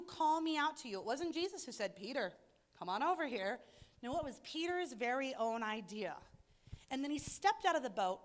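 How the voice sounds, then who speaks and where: A woman teaching an adult Bible study in an earnest, reflective way that rises to emphatic points. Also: high voice.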